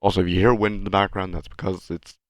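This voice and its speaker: Flat and quick, the low-voiced young channel host keeps up his rambling commentary over his animation, mocking himself sarcastically. Slightly ill, he coughs occasionally, recorded close and dry without any room echo.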